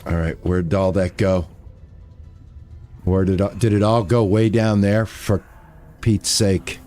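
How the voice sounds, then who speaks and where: A man's voice: low voice, level tone, slow pace, mellow, soft background music. An older man streaming a game, chatting casually and thinking aloud, often repeating himself. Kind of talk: casual gameplay commentary.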